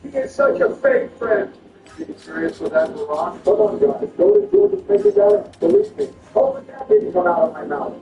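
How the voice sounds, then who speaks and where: A man performing a comedic skit over gameplay, switching between a deep bossy voice and high whiny ones. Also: huge pitch swings, normal speed, vocal fry. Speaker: gaming video creator. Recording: roomy, distant, dull sound with faint music.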